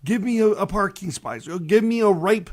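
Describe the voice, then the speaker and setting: A man's voice: sits high, animated, moderate pace, darkish tone. A priest acting out a stubborn praying man. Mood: pleading. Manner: stubborn, pleading. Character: anxious devout man refusing rescue.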